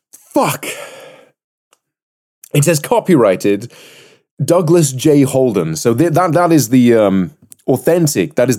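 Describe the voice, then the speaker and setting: A man co-hosting a podcast in casual chat, animated and rambling, swearing freely. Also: medium pitch. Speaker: podcast co-host.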